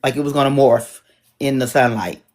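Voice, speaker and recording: A middle-aged woman moderating an online town hall, chatting casually with a husky voice and joking asides. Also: rumbling low, fairly even intonation, moderate pace, darkish tone. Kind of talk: casual chat to an audience.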